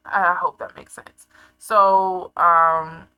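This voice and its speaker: A young woman vlogging in a casual confessional chat, telling her story with animated flair, laughing often and acting out her past self. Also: lowish voice, extremely slow, clear, resonant tone, low-quality recording.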